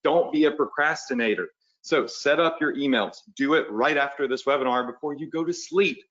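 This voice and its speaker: A man with a mid-range, slightly bright voice speaks at a normal speed, and the sound is lo-fi. He's an online business coach running a live webinar, casual, pushy and motivational, frequently checking in with his audience.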